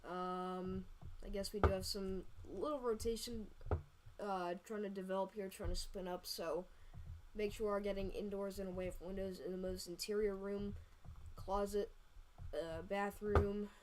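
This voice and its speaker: A woman hosting a live storm-tracking stream, talking casually over radar with many fillers and quick self-corrections. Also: medium pitch, fairly even intonation, background noise. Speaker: storm-tracking livestream host. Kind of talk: live weather radar commentary.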